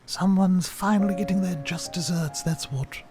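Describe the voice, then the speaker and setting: Guy doing a nasty old gossip lady, high-pitched and sneering, game music behind. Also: moderate pace, natural voice. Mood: scornful. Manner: scornful, gossiping. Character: spiteful cackling old townswoman.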